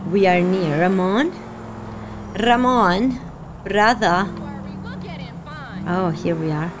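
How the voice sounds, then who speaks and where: A woman's voice: mid-range voice, very slow, background noise. A woman hosting a gaming channel, giving casual reaction commentary and exclaiming and swearing at the game. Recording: game sounds under voice.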